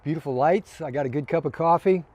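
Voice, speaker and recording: A man giving a relaxed, conversational sermon as a pastor, recorded outdoors on his deck in the evening. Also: a little high, quick pace. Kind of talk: casual sermon.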